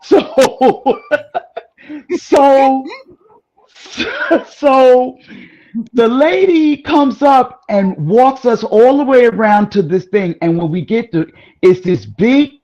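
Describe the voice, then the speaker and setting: Unhurried woman telling an animated story. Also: fairly high pitch, dull audio. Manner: animated, exclaiming, rambling storyteller. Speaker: guest. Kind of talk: casual chat, telling a personal story.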